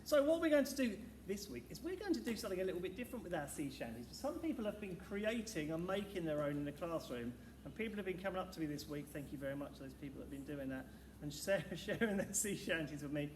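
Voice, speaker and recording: Male teacher, high voice, upbeat and encouraging, echoey hall with audible background noise. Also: animated, quick pace, recorded from a distance. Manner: upbeat, encouraging, talks to children. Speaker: primary school teacher. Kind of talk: leading a school music assembly. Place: school hall, indoors.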